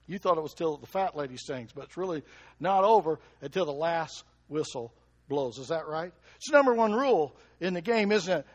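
A man preaching a lively sermon, who keeps asking the congregation questions and chuckles between points. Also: on the high side, a little fast. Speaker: pastor.

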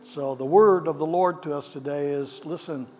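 A male pastor delivering a sermon and prayer in a church sanctuary. His voice sits a bit high, and he preaches with a fervent cadence, repeating his phrases for emphasis. Soft music plays faintly underneath. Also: moderate pace.

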